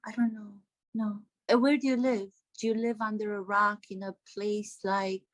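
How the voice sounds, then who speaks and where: A woman voicing a fake-innocent actress in a TV interview, breathy, gasping and over-sweet. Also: mid-range voice, close to an everyday voice.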